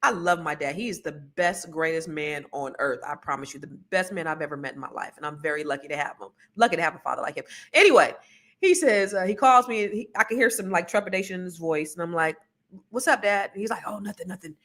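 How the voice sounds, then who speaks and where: Bright-voiced woman podcast host. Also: on the low side, fast. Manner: lively, animated storytelling with laughter and asides. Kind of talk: casual podcast monologue.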